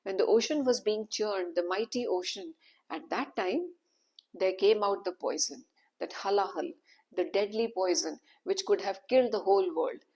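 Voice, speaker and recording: A woman's voice: mid-range voice, normal speed, vocal fry, darkish tone, breathy edge. A woman voicing a proud male sage who turns bitter and accusing in a storybook tale.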